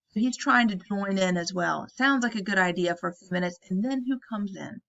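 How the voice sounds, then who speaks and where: A woman's voice: medium pitch, a little fast, creaky, few pauses, a bit bright, muffled recording. A woman teacher retelling a story in a casual, chatty way and often asking "right?". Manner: chatty, tags statements with "right?".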